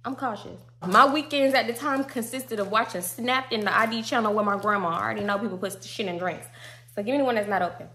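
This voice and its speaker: Animated young woman telling a story. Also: medium pitch, fast talker. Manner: slangy and animated, acting out quotes. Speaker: storytime vlogger. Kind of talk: casual storytelling.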